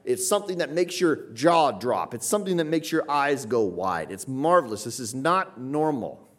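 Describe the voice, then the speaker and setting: A man's voice: mid-range voice, very animated, moderate pace, a bit bright. A man teaching a Bible passage in a sermon, emphatic and repetitive, often checking in with "right?". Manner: emphatic, repeats phrases, tags points with "right?". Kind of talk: expository sermon.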